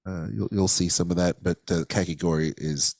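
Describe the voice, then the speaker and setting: A man's voice: sits low, steady tone, moderate pace, darkish tone, dry recording. A man co-hosting a casual podcast, enthusiastic and playful, with frequent fillers. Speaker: podcast co-host.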